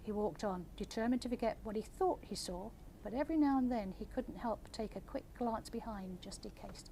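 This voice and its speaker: Older female author, gentle measured reader at a live event. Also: a little high, very noisy. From England. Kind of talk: reading aloud then audience Q&A.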